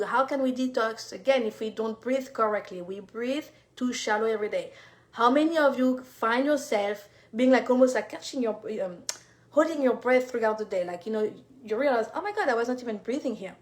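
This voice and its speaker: Woman, bit high voice, teaching live, chatty with lots of you-knows, talks right to viewers. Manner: warm encouraging, speaks to viewers directly, many fillers. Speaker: fertility coach.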